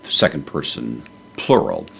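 Very deep-voiced man teaching Greek grammar. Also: wildly swooping pitch, gravelly, fairly bright tone, a little hiss or hum. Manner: methodical, parses grammar aloud with frequent "uh" pauses. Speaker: Bible teacher. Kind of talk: verse-by-verse Greek Bible lesson.

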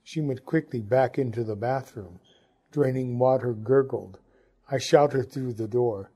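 Husky, mellow male audiobook reader. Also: medium pitch, measured pace. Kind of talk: literary audiobook narration.

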